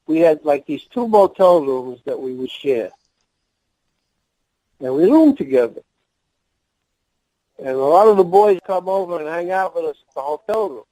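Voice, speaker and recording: A man's voice: a little high, dark tone, dry recording, rough recording. An older man, a former wrestling manager, telling rambling anecdotes as a guest in a podcast interview. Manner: rambling anecdotes with laughs and restarts.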